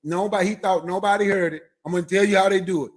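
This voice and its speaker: A man's voice: high-pitched, steady tone, quick pace. A man speaking emphatically in a casual group chat, insisting on his point and repeating himself. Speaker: discussion participant.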